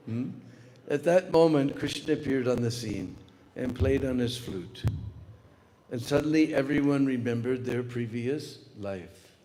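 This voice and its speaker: A man's voice: mid-range voice, a little slow, slight background noise. Storytelling man in an echoing hall. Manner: animated storyteller with many fillers. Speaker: spiritual speaker. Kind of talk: storytelling lecture. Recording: long hall reverb.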